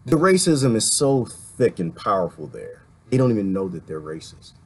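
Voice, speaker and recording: A man's voice: on the low side, very animated, normal speed, slightly rough. A man from the Washington, D.C. area, ranting sarcastically in a livestream while reading viewer comments, laughing often between points.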